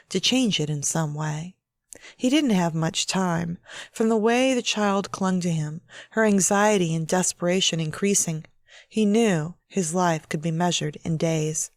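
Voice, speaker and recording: A woman author reading her own novel aloud in a measured, steady audiobook narration. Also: fairly low pitch, dry recording.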